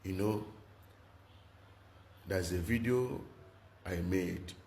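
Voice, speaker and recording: A man delivers political commentary like a sermon, pressing the same rhetorical questions again and again. His voice sits very low. The recording is roomy and echoey, with a faint hiss of noise underneath. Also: very slow, creaky, darkish tone. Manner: repetitive, emphatic, rhetorical questions. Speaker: commentary channel host. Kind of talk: preaching-style political commentary.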